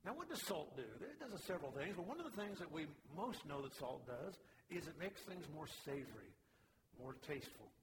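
A man's voice: on the high side, sing-song, fairly quick, long reverb tail, background noise. A man preaching a sermon in a folksy, conversational way, with small personal asides. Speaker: pastor.

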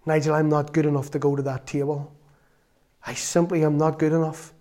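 A man giving an earnest, storytelling sermon that rises into loud exclamations. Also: fairly high pitch, flat delivery, fairly quick. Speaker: lay preacher.

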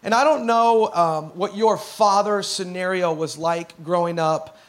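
A man's voice: high voice, a little slow. A man in his thirties, a pastor preaching a chatty, emotional sermon in church. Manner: conversational and emotional, with a lot of laughter.

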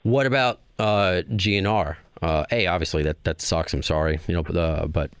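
Male podcast host, low-pitched, joking, rambling questions, dry close sound. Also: normal speed, clear, resonant tone, no room sound. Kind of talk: casual conversational interview.

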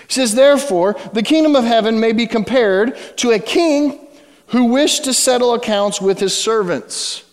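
A man preaching a sermon to his church, telling a story with dramatic shifts between loud emphasis and hushed words. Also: very high-pitched, moderate pace, long reverb tail. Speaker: pastor. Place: church sanctuary.

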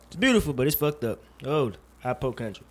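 A man hosting a casual podcast, talking in an animated, jokey way with plenty of profanity and rambling asides. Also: mid-range voice, brisk. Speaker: podcast host. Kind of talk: casual chat.

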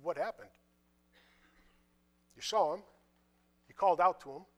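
A man preaching a sermon, reading scripture and retelling it in casual, conversational dialogue, with quiet asides in between. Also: high voice, unhurried, dull audio. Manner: animated, drops to quiet asides.

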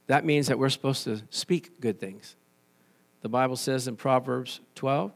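A man preaching a sermon as pastor, animated and conversational, telling stories and restarting phrases. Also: mid-range voice, moderate pace.

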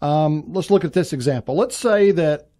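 A man's voice: fairly high pitch, animated, normal speed, warm tone. A man hosting a radio talk show, setting up topics and prompting his co-host with short questions. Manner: brief affirming responses, sets up examples.

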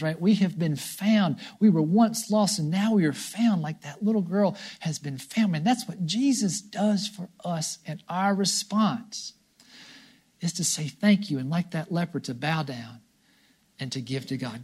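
High-voiced pastor preaching animatedly. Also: male voice, measured pace, slightly rough. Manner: animated storytelling, checks in with the congregation with a repeated "right?". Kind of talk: sermon.

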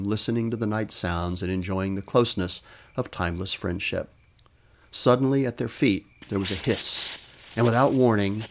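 A man with a fairly low voice reads a short story aloud. His delivery is measured and expressive, like a host narrating his own fiction. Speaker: podcast host and author.

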